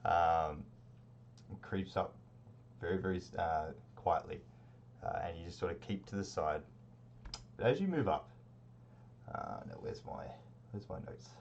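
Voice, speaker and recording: A man narrates a tabletop game as game master, loose and rambling, with plenty of ums and restarts. His voice sits low. The stream audio is dull and lo-fi. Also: unhurried, pauses often, a little hiss or hum. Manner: relaxed, rambling narration with many fillers.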